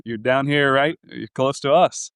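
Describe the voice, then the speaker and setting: A man's voice: mid-range voice, unhurried, fairly bright tone, clean tone, no echo, clean studio sound. A man co-hosting a podcast in a friendly, conversational way. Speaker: podcast co-host. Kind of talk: casual interview chat.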